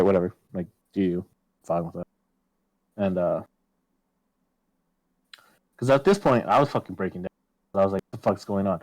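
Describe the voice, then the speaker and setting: A man with a lowish voice tells a long personal story in relaxed podcast chat. He swears freely and jumps up in pitch when he quotes himself. The recording is close and dry, with no room sound. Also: no echo, low-quality recording.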